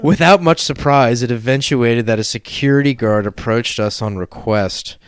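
A man's voice: mid-range voice, normal speed, smooth. A man hosting a casual podcast, reading a listener's story aloud with laughing, crude asides.

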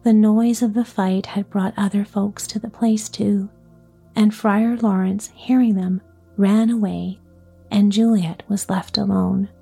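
Woman storyteller, gentle whispery narration, slow and husky, dark mellow tone, faint music behind. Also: mid-range voice, fairly even intonation. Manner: soft, often whispery delivery.

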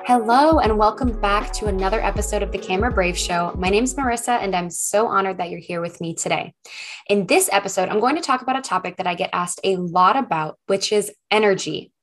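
Upbeat, expressive young woman podcast host. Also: medium pitch, a little fast, faint music behind. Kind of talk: solo podcast talk. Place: home.

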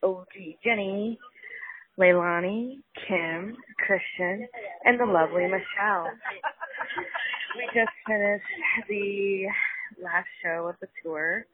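A woman's voice: medium pitch, takes it slowly, noisy background. A woman calling from a restaurant to leave a heartfelt, grateful voicemail. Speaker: caller to a podcast hotline. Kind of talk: voicemail message. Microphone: phone. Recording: tinny phone line.

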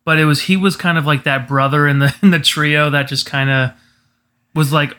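A man's voice: a little high, fairly even intonation, moderate pace, pushed and bright. A young man co-hosting a casual podcast, rambling through his points with many "you know" fillers. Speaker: podcast co-host. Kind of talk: casual chat.

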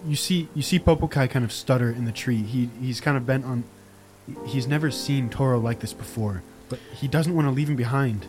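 A man's voice: medium pitch, brisk, music in the background. A man playing in a tabletop game, reacting with exclamations and describing what his character does, a little hesitant.

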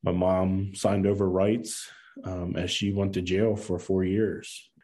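A man in his thirties tells a personal story in a low, mellow voice. He speaks in earnest and acts out the lines of the people in it. His casual speech is full of fillers. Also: level tone, slow. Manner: earnest, acts out quoted dialogue, many fillers. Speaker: podcast guest.

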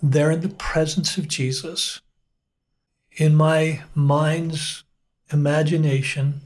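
A middle-aged male pastor telling his personal testimony as an interview guest, earnest and unhurried, with frequent pauses. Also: a little high, fairly even intonation.

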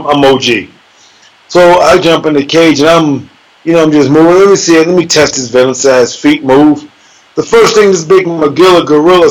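The man's voice is a little high, and the recording quality is low. Chatting casually, he brags about sparring, swearing and laughing as he talks and acting out each punch with sound words.

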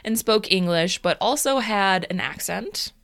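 A woman's voice: mid-range voice, animated, measured pace, gravelly, fairly bright tone. A woman podcast host narrating a story in a casual, wry way, with fillers.

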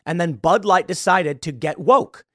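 A podcast host with a high-pitched voice, speaking a little slowly, runs through a sarcastic political commentary monologue. He's animated and tosses in mocking asides, recorded cleanly in a studio with no echo.

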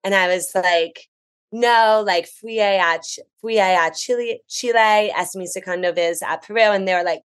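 An American woman, a travel writer guesting on a podcast, telling stories in a chatty, animated, enthusiastic way. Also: medium pitch, moderate pace, clear, resonant tone. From United States. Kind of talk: casual podcast chat.

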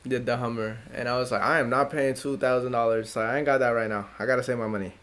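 A young man co-hosting a podcast, chatting casually in relaxed slang and acting out the people in his stories. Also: fast talker. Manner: laid-back slang, acts out his dad in a higher voice. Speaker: podcast co-host. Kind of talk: casual chat.

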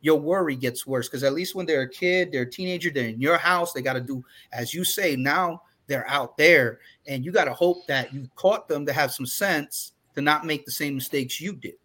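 A man's voice: fairly high pitch, moderate pace, few pauses, bright, forceful tone. A man in his forties, a podcast co-host, talking candidly in casual chat and often restarting his sentences. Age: 40s.

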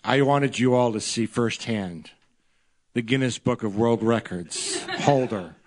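A man's voice: mid-range voice, unhurried. Rambling male comedy podcast host. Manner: rambling, laughing asides, fillers.

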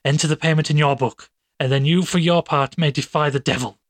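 A man voicing a smooth, domineering male doctor who talks in a persuasive, coaxing way. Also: on the high side, steady tone, a little fast, no echo, close to an everyday voice.

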